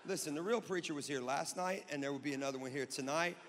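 A male pastor preaching a joking, energetic sermon that builds up to shouting. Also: a little high, fast, big-room sound, a little hiss or hum. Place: church sanctuary.

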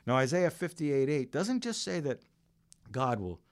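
A man's voice: a little high, very animated, unhurried, no room sound, studio quality. A middle-aged man preaching a sermon as pastor, earnest and full of stories. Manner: earnest, storytelling preacher who varies his delivery.

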